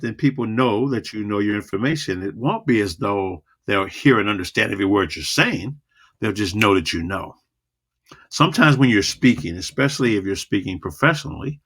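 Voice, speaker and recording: A man coaching public speaking in an online video lesson, energetic and repetitive, talking straight to the viewer. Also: on the low side, breathy edge. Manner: energetic, repetitive, demonstrates vocal dynamics.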